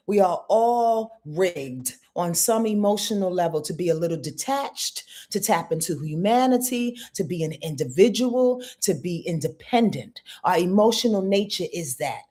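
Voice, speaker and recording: A woman's voice: medium pitch, dark tone. A woman astrologer hosting a live-stream forecast, talking straight to her viewers with emphatic repeats and rhetorical questions. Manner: talks straight to viewers in chat. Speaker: astrologer host.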